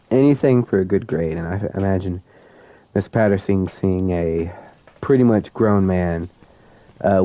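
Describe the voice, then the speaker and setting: A young man giving casual commentary on a horror game, nervous and self-mocking as he talks to his viewers. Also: lowish voice. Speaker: student gamer. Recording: dull lo-fi sound.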